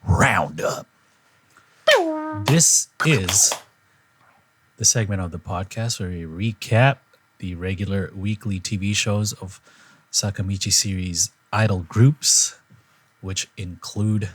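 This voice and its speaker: Deep-voiced young man hosting a podcast. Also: steady tone, a little slow, a little hiss or hum. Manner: laid-back, rambling with fillers. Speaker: podcast host. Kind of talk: casual chat.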